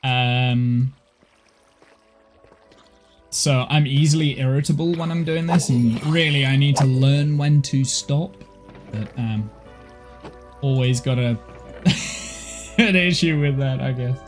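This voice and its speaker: Man, game streamer, tired, self-deprecating, casual rambling chat, mid-pitched voice. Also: takes it slowly, pauses often, over music. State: tired, overheated. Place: home office.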